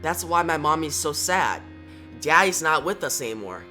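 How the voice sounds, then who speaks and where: A man's voice: a little high, sing-song, moderate pace, bright, forceful tone, faint music behind, exaggerated voice. A man voicing a little boy who pleads with Santa for his sad mother, raising his voice to sound young. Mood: pleading.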